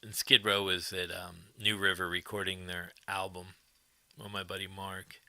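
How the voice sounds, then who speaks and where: A man's voice: sits low, little pitch movement, normal speed, creaky, sharp tone, no echo. A man hosting a livestream, telling casual rambling stories to his viewers, chuckling often and swearing freely. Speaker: livestream host.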